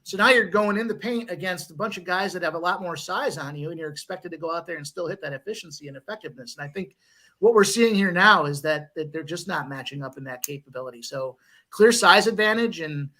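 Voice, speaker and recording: Bright, higher-voiced man co-hosting a stream. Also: quick pace. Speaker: co-host. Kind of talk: casual live-stream chat.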